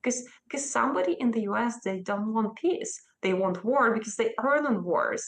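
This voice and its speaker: A Russian-accented woman in her thirties answers a news interviewer's questions. She speaks emphatically and earnestly, and her voice often leaps higher as she makes a point. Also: lively intonation, moderate pace, rough recording. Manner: emphatic and earnest, with sudden rises in pitch. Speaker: interview guest.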